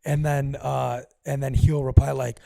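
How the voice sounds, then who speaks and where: A man's voice: mid-range voice, level tone, measured pace, gravelly, dark tone, no room sound. A young man co-hosting a podcast in a casual chat, laid-back, swearing casually and often answering "right, right". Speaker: podcast co-host.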